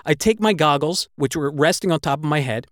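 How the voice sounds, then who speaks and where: This man's voice sits on the high side, expressive and brisk, as he curses freely through a breathless account of a gripping personal experience. Emotion builds until his delivery turns heavy at moments. The recording is dry and close, with no room around it.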